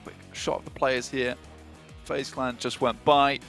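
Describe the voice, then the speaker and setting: A man's voice: medium pitch, level tone, unhurried, creaky, fairly bright tone. A man calls an esports match in a chatty way, leaning on fillers as he talks. Faint music plays under his voice. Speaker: esports caster. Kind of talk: play-by-play commentary.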